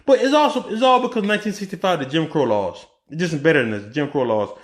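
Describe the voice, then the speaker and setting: A man giving casual political commentary in a vlog, talking in an animated way with rhetorical questions and many restarts. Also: a little high, fast, echoey room. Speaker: vlogger.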